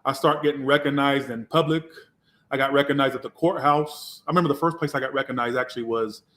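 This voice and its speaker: A man's voice: mid-range voice, steady tone, quick pace, a bit bright. A man, a tarot reader from Georgia, telling his own story in a candid, reflective way with some swearing. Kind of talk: casual personal storytelling.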